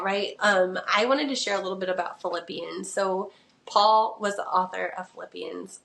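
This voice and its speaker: A woman's voice: medium pitch, fairly bright tone. A young adult woman hosting a podcast, talking earnestly and casually about faith and mindset, with lots of "like" and "right.". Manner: chatty, earnest, full of "like" and "right". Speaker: podcast host. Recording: echoey room.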